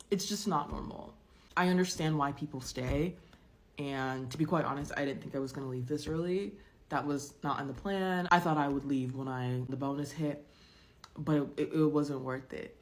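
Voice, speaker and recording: A woman who quit her corporate job, talking in a blunt, profane, animated rant. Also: very deep voice. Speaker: ex-corporate worker. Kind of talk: casual social video rant.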